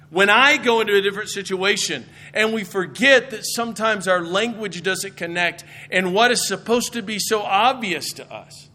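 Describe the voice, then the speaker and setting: Animated high-voiced man giving a chapel talk. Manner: animated storytelling, acting out quoted voices. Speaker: chapel speaker and Bible professor. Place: chapel stage.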